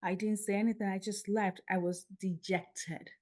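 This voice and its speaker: A middle-aged woman recounts a personal story as a podcast guest. She tells it in an animated way, acting out the voices of the people in it. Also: mid-range voice, moderate pace. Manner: animated, acts out dialogue. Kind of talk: storytelling in an interview.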